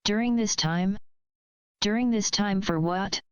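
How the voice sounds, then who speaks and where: A woman reading aloud, voicing a young woman gym leader who is tense and short-tempered, speaking quietly with clipped edges. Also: mid-range voice, a little slow, clear, resonant tone, no room sound, lo-fi sound, natural voice. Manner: quiet then clipped and hissing.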